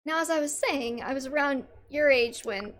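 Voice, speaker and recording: A woman's voice: high-pitched, moderate pace, a little hiss or hum, natural voice. A woman doing a proud ruthless mother. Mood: indulgent.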